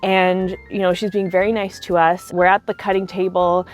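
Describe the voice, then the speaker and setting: A woman's voice: fairly low pitch, flat delivery, normal speed, soft background music. A young adult woman telling casual stories to camera as a cosplay video creator. She talks in a chatty way, full of likes and you-knows.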